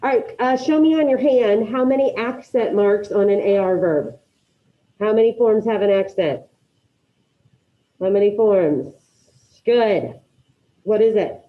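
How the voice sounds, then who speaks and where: Speaking at a measured pace and pausing often, a high school Spanish teacher with a mid-range voice leads an online class. She calls on students by name and encourages their answers, captured in dull lo-fi video call audio.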